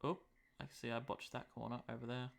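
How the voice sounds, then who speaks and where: A man's voice: medium pitch, level tone, fairly quick, vocal fry. A young Australian man chatting casually on a live stream as he makes a map, muttering to himself and poking fun at himself.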